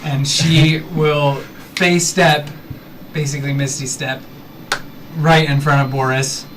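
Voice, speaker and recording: A man playing a tabletop game, working through his turn hesitantly with plenty of fillers. He speaks slowly. He is away from the mic, and a clear hiss runs underneath. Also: on the high side, flat delivery. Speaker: player. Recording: distant mic with noticeable hiss.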